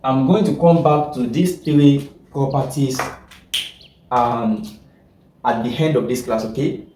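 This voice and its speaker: Here a logic teacher lectures in a medium-pitched, dark voice, going over points repeatedly and stopping to fix what he's just said. He often checks that the class is following, and the recording is echoey and distant with slight background noise.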